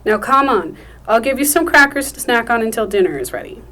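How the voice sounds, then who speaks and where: Woman reading as a young mom in her twenties, bit high voice, soft and scared. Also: animated, a little fast. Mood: tender, pleading. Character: frightened young mother in her mid-twenties.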